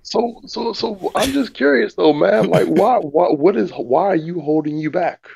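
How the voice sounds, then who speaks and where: A man's voice: sits high, unhurried, vocal fry, crowd noise. A man who is a guest on a casual podcast call, teasing the host and pressing him with questions. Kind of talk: casual chat.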